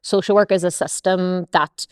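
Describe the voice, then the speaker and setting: A woman's voice: on the low side, fairly even intonation, normal speed, darkish tone, clear, resonant tone, no echo, studio quality. A young woman with a Northern Irish accent, a podcast guest telling stories bluntly and swearing freely. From Northern Ireland. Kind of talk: casual podcast interview.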